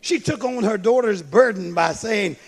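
A man pastor preaching a fervent sermon, swinging from shouted lines to low, quick asides. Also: husky.

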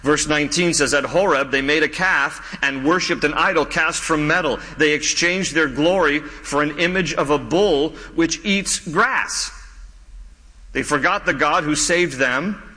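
Bright-voiced preacher man in a hall. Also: fairly high pitch, measured pace. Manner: animated, joking asides, voices complaining crowds. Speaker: pastor. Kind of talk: sermon.

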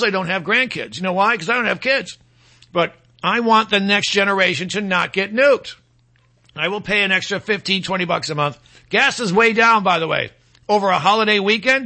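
Man, middle-aged, talk radio host, rambling, mocking, high-pitched, piercing tone. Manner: rambling, mocking, animated asides. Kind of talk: political talk radio monologue.

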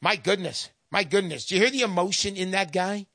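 Radio host, male, high bright voice, pushy salesy patter, dry studio sound. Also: a little fast, no echo. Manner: brash, salesy, repeats himself. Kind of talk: call-in radio talk.

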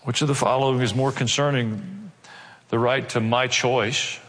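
A man preaching a sermon as pastor, earnestly asking his congregation rhetorical questions and slowing down to stress key points. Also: medium pitch, steady tone, a bit bright, in a large hall. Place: church sanctuary.

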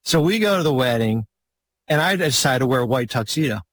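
A former basketball team executive tells a long story in relaxed conversation. He rambles and stays animated, his pitch jumping suddenly, and he talks briskly in a dry space with no echo.

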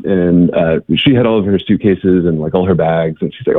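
A man's voice: deep voice, fairly quick, hardly any pauses, dry recording. A man who works with a street ministry, talking through his stories in an interview with many restarts and repeated words. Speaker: guest from a Catholic street ministry. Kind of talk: conversational interview storytelling. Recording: tinny phone-like line.

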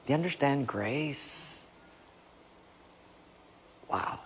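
A man's voice: mid-range voice, expressive, very slow, slight background noise. A man preaching a sermon emphatically, often dropping to a near-whisper, in a church hall. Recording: long hall reverb.

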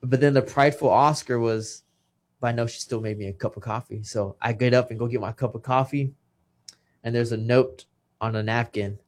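A man's voice: mid-range voice, fairly even intonation, brisk. A man in his thirties, a retired boxer, telling his story in a casual interview with emotion and repeated words. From Texas.

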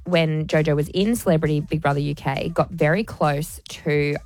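A woman's voice: low-pitched, steady tone, normal speed, darkish tone. A woman radio host, chatting gossip in a casual, storytelling way.

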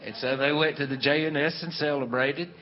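A man's voice: fairly high pitch, fairly even intonation, brisk. A man telling a folksy family story to a live audience, rambling along with plenty of fillers. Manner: folksy and meandering, with many fillers. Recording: dull, hall-echoed live recording.

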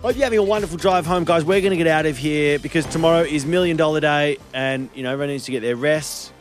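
A man co-hosting a radio show, bantering quickly and poking fun at himself in the studio. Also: on the high side, soft background music. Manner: fast, joking, self-mocking. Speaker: radio co-host.

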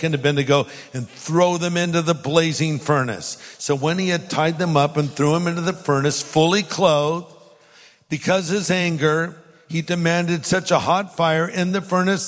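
A man, a pastor, preaching a sermon and reading scripture aloud with emphatic pauses. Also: on the high side. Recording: long hall reverb.

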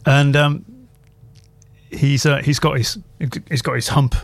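A man's voice: medium pitch, little pitch movement, takes it slowly, gravelly. A male radio host in casual chat, wandering through a long story with plenty of asides. His voice sits in the middle of the male range. The studio sound is close and dry, with no room echo. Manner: rambling anecdotal storyteller.

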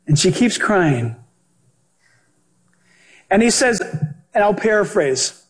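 A male pastor and Bible teacher preaching a sermon in an animated, joking way, acting out the voices he quotes. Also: sits high, slow, long pauses.

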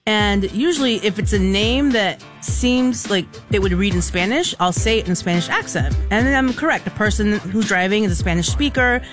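A radio co-host telling lively, chatty stories on air, often laughing. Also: mid-range voice, moderate pace, few pauses, music in the background. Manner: animated, chatty, laughing storyteller. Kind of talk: casual storytelling on air. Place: radio studio.

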